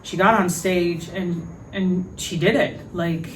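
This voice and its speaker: A woman hosting a podcast, telling a story in a frank, animated way, with lots of fillers and some swearing. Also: fairly low pitch, takes it slowly, far from the mic, a little hiss or hum, rough recording. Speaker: podcast host. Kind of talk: casual storytelling monologue.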